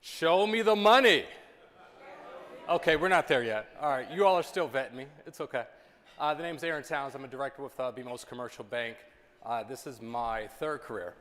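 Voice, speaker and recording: A man's voice: medium pitch, fairly quick. A man giving a motivational talk to a live audience, engaging the crowd with questions. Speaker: keynote speaker. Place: conference hall with live audience. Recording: long hall reverb.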